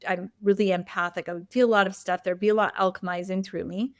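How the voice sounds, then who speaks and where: Woman, host, candid conversational storytelling, mid-range pitch, dry close sound. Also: fairly even intonation, fast talker, dry recording. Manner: open, personal, frequent "like" and "you know" fillers.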